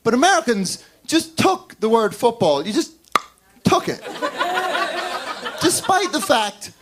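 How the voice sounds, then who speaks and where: A British man performing stand-up in a small club, his voice sitting high and swinging widely in pitch. He talks with a playful, mocking edge, ready to slip into put-on voices for the people he makes fun of. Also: a little slow, heavy background noise. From United Kingdom. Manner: animated, mocking voices for quoted characters. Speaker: stand-up comedian. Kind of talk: stand-up comedy set. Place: small comedy club with a live audience.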